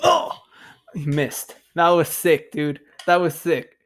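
A man's voice: on the high side, fairly even intonation, measured pace. A young man hosting a podcast, telling a rambling story in a loose, profane way, full of fillers and "dude". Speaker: podcast host. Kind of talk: casual storytelling.

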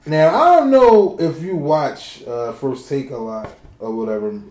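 Lively man in an echoey room. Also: mid-range voice, measured pace, distant mic, slight background noise. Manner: profane, excitable, storytelling. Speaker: podcast co-host. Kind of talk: casual podcast banter.

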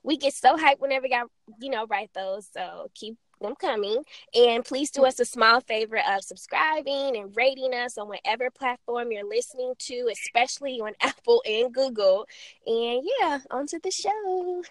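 A woman hosts a casual podcast, upbeat as she reads the plugs and chimes in with quick reactions. Her voice sits a little high. The sound is dry. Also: no echo. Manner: upbeat, reacts with short interjections. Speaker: podcast co-host. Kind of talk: casual chat.

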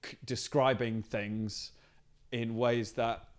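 Searching for the right phrasing, this non-binary comedian keeps starting over while chatting thoughtfully as a podcast guest in a green room backstage. Delivery is flat and unhurried in a mid-range voice.

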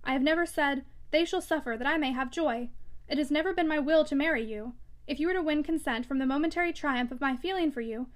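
A woman's voice: high-pitched, fast talker, lightly acted. A woman reading the part of an anguished young woman torn by conscience, pleading and earnest. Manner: earnest, pleading, emotional delivery.

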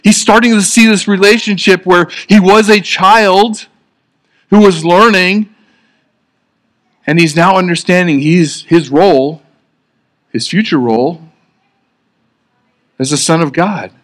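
A man preaching a sermon with a slightly higher voice than most men. He talks in an earnest, conversational way and often restarts his sentences as he works through his point. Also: measured pace, pauses often.

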